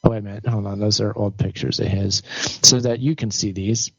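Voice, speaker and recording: A man's voice: on the low side, steady tone, brisk, gravelly, fairly bright tone, no room sound, lo-fi sound. A man co-hosting a casual live-stream podcast, chatting loosely and rambling with lots of fillers. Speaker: podcast co-host.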